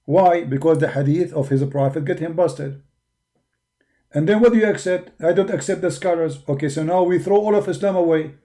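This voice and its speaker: A man from the Arab world with an Arabic accent, speaking English as a second language with broken grammar, arguing forcefully in a preaching monologue. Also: on the high side, fairly quick. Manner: forceful, argumentative, with non-native grammar. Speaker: religious debater.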